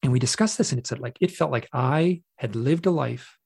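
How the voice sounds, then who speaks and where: A man with a gravelly, husky voice, sitting in as a podcast guest. He recounts a personal story conversationally and animatedly, backing up and restarting his sentences as he goes. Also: medium pitch, brisk. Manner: animated, emotional retelling with many restarts.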